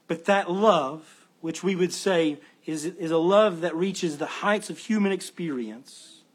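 A man's voice: sits high, measured pace, slightly rough. A man preaching an expository sermon as pastor, earnest and emphatic, repeating key phrases as he explains the text like a teacher. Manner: teacherly, explains Greek word order.

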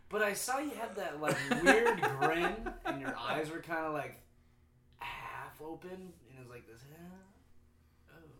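A young man chatting casually with friends on a trip, telling animated stories and laughing often. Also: fairly high pitch, measured pace, echoey room, a crowd in the background. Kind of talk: casual chat.

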